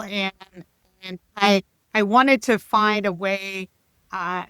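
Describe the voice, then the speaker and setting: Woman, 50s, coach guest. Bright, smooth voice, chatty and animated, dry sound. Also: medium pitch, no echo. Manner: chatty and animated, with laughs and restarts. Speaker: leadership coach, podcast guest. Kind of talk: casual podcast interview.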